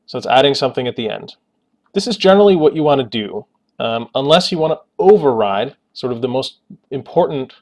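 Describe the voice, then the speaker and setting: Man, tutorial host, casual screencast narration, explanatory, mid-pitched voice. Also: darkish tone. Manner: casual, explanatory, joking asides.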